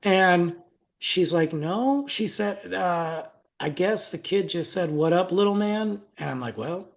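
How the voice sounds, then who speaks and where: Podcast co-host, young adult man, chatty storyteller who quotes others. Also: fairly high pitch. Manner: storytelling, acts out quotes, laughs often. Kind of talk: casual podcast chat.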